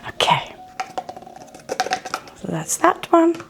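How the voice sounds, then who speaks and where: A woman's voice: slow, gravelly, background noise. A woman vlogging casually to camera, chatty and self-deprecating, her voice a little groggy from a coming cold. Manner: chatty and self-deprecating, with lively jumps in pitch. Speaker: skincare vlogger.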